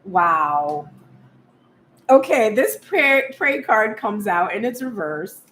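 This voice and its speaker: A woman giving a casual spoken tarot reading, animated and blunt, swearing freely and acting out pleading voices. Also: mid-range voice, takes it slowly, a little hiss or hum. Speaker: tarot reader.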